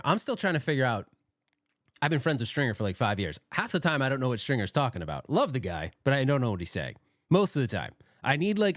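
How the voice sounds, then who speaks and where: A man hosting a laid-back livestream, his pitch swinging up and down as he rambles through viewer comments. He pokes fun at himself and laughs often. The sound is close and dry, with no room around it. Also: dry recording. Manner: rambling, self-deprecating, laughs often, friendly banter. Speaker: livestream host. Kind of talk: casual livestream chat, reading out viewer comments.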